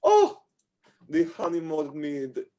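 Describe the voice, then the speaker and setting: A man's voice: a little high, wildly swooping pitch, takes it slowly, warm tone, voice pushed up, exaggerated voice. A man voicing a flamboyant, buxom female dwarf tavern keeper who welcomes guests effusively. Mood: gushing. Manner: effusive, grandly welcoming hostess.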